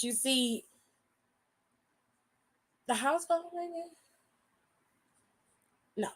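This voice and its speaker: A high-voiced woman hosting an aftershow, recapping in loose casual slang. She tells it with lots of animation and jumps into the voices of the people she quotes. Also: expressive, extremely slow, pauses often, slightly rough. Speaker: show host.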